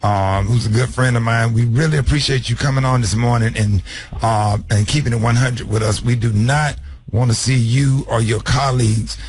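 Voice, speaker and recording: A man's voice: mid-range voice, steady tone, breathy edge, dry recording. A man hosting a radio morning show, asking questions with frequent restarts. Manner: halting, restarts often. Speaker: radio host. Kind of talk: radio interview.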